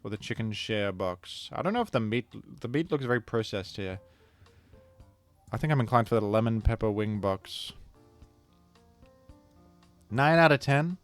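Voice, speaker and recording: A man's voice: lowish voice, animated, moderate pace, pauses often, faint music behind. A man giving casual, rambling gameplay commentary as a video creator, chatting to viewers and often correcting himself mid-sentence.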